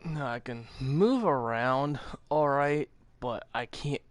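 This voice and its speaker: A man's voice: medium pitch, slow, no room sound. A man chatting casually with a friend on a stream, giving short sympathetic replies. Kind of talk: casual chat.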